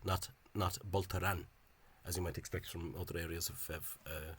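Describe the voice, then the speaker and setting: A man explaining spelling in a casual, halting monologue. He is opinionated and often repeats words and fills gaps with hesitations. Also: low-pitched, little pitch movement, fairly bright tone, a little hiss or hum. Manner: opinionated, dismissive of official spelling. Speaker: language enthusiast explaining spelling.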